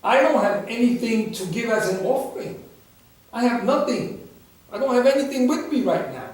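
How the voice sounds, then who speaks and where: An earnest, unsure young prince, voiced by a man telling a dharma story, speaking hesitantly in a fairly high voice. The sound is roomy, from a mic some distance off. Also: very animated, normal speed, darkish tone. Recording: echoey room, far from the mic.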